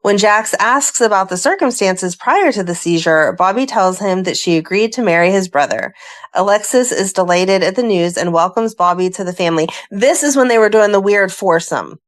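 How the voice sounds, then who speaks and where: A woman's voice: mid-range voice, moderate pace. A woman co-hosting a fan podcast, reading plot recaps aloud and breaking off into chatty asides. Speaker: podcast co-host. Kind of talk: casual chat, reading episode recaps.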